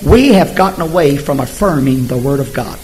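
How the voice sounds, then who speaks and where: A man preaching a sermon emphatically, swinging from hushed asides to shouted scripture. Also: medium pitch, animated, fairly quick, a little hiss or hum, low-quality recording.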